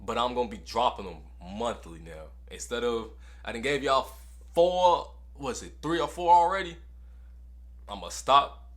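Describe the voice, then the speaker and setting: Young male vlogger, casual slangy storyteller, mid pitch, animated delivery. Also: a little slow. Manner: animated, slangy, repeats phrases for effect.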